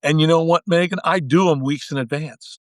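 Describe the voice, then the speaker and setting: A man's voice: a little high, brisk, dry recording. A man in his sixties, a guest in a podcast interview, telling a long story in a folksy way and acting out the quoted dialogue. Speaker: guest, former baseball manager.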